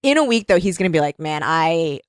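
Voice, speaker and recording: Lively woman podcast co-host. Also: rapid-fire, no room sound. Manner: reads passages aloud, quoting characters in a lower voice. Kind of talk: casual book-discussion chat.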